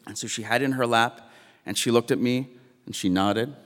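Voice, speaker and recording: A man telling a personal story on stage, halting and repeating words, often laughing as he speaks. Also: medium pitch, fairly bright tone, long reverb tail, slight background noise.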